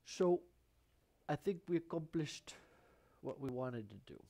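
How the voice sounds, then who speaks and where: A man's voice: a little high, expressive, a little slow, dark tone. A man hosting a live painting stream, thinking aloud in rambling, self-mocking asides as he works. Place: painting studio.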